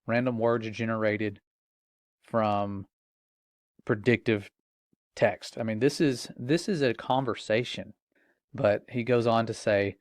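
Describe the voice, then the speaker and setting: A man's voice: fairly low pitch, fairly even intonation, takes it slowly, pauses often, dry recording. Earnest middle-aged man warning listeners. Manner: earnest, grave, vigilant. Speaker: Christian commentator. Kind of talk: warning commentary.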